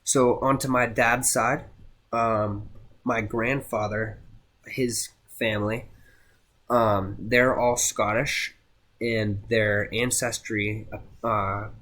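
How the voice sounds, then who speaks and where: A young man giving a casual class presentation, halting with many fillers and restarts. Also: fairly low pitch, fairly even intonation, fairly bright tone. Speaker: student presenter.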